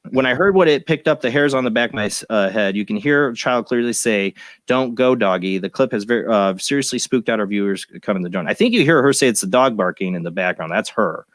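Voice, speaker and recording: Talking fast with hardly any pauses, this paranormal radio host has a lowish, fairly bright, animated voice and no echo. He chats casually while reading news stories aloud, chuckling and drifting into sidetracks.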